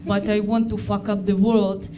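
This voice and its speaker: A Russian-accented woman voicing a gruff, aggressive male world leader in a low, mock-serious delivery. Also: level tone, normal speed, lo-fi sound, close to an everyday voice. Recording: live club with audience noise.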